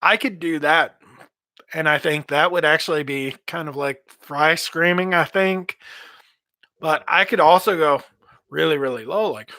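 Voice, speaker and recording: A man's voice: a little high, steady tone, measured pace, sharp tone, no echo. A man, a metal vocalist, giving rambling casual advice on singing, repeating himself as he goes. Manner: rambling, repeats words, demonstrates screams and growls.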